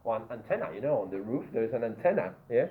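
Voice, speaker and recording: A man teaching an English grammar lesson, slowly repeating words for pronunciation drills and checking in with "yeah?". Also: mid-range voice, big pitch swings. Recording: tinny phone-like line in an echoey room.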